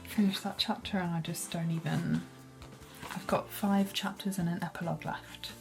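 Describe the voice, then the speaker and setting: Expressive woman ranting in a reading vlog. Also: fairly low pitch, moderate pace, vocal fry, soft background music. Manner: expressive, ranting, swears freely. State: teary from crying. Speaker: booktuber. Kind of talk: casual reading vlog chat.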